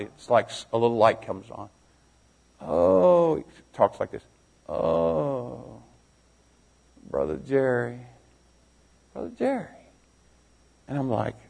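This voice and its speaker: With a fairly low, slightly rough voice and vocal fry, this preacher and youth pastor tells stories in a sermon aimed at young people. His volume moves between shouts and near-whispers, and he pelts the audience with direct questions.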